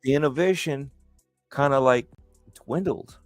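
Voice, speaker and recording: A man's voice: mid-range voice, measured pace, no echo, soft background music. A man hosting a casual podcast chat, telling stories in a rambling, enthusiastic way. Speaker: host.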